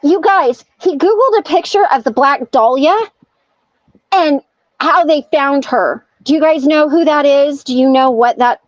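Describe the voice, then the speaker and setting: High-voiced woman telling an animated story. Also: measured pace, no echo. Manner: animated storyteller acting out quoted dialogue. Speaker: podcast guest. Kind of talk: casual storytelling. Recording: dull lo-fi sound.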